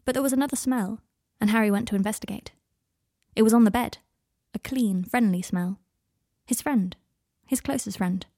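A woman's voice: a little high, normal speed, dark tone, no echo. Woman host reading her story, dry and close. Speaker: podcast host reading her own fanfiction. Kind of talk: storybook narration.

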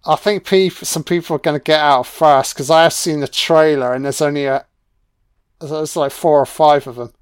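A man's voice: on the high side, steady tone, normal speed, smooth, no echo, clean studio sound. A man with a British accent giving an audio commentary on a film, mocking it with sarcastic, heavily profane riffs.

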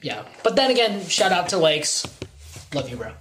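A man's voice: sits high, very animated, moderate pace, a bit bright, slight background noise. A teenage boy co-hosting a casual podcast, joking around and then saying he's only kidding. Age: teens. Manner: joking, often takes back his jabs. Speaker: podcast co-host. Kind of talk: casual chat.

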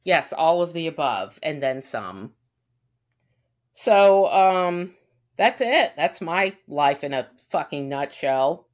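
Speaking slowly in a low, sing-song voice, this woman co-hosts a podcast. She's venting casually, full of profanity, and imitates the people she quotes.

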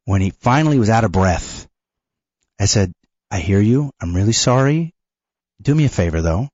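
A man's voice: lowish voice, expressive, a little mellow, no room sound, lo-fi sound. Hesitant man telling a story on radio. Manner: halting, many restarts and nervous laughs. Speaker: radio show co-host. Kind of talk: conversational storytelling.

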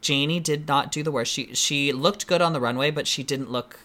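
A man chats as co-host of a casual podcast, talking in an animated, campy way. His voice has a bright, forward edge. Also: on the high side, moderate pace. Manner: animated, campy, acts out quotes. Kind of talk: casual chat.

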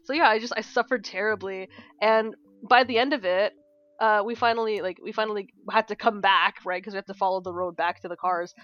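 A young woman co-hosting a podcast, telling a story in a casual, animated way, swearing often and acting out what people said. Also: medium pitch, fairly quick. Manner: animated storyteller, swears a lot, acts out quotes. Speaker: podcast co-host. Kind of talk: casual chat. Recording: dull lo-fi sound.

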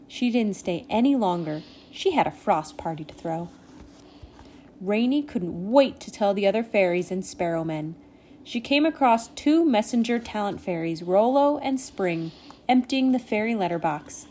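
A woman reads a children's storybook aloud, gentle and expressive, at a slightly slow pace. Her voice is mid-range, with a little hiss or hum in the recording.

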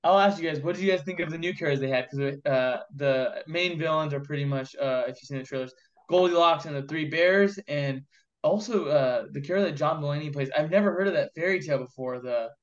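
A man with a slightly high voice hosts a casual film review chat, rambling and excitable. He swears freely as he goes. The recording sounds dull and lo-fi. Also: quick pace. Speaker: podcast host.

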